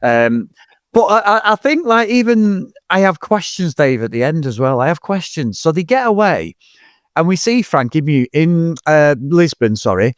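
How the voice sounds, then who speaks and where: A man's voice: a little high, big pitch swings, moderate pace, no room sound, clean studio sound. A man in his forties, co-hosting a casual film review chat, rambling, swearing and laughing a lot. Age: 40s. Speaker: podcast co-host.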